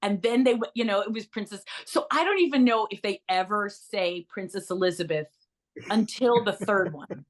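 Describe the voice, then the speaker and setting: A middle-aged woman recalls her acting days in a loose, animated interview voice. She jumps between thoughts, restarts sentences and tosses in asides as she goes. Her pitch sits in an ordinary middle range. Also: moderate pace. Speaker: actress guest. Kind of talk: casual interview anecdote.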